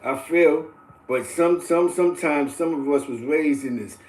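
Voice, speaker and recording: A middle-aged man from the Bronx, New York, with a fairly high voice, hosts a casual livestream and lectures viewers in lively street slang at a measured pace. He keeps checking in with "you know what I'm saying." He sounds echoey and far from the mic, as if in a bare room.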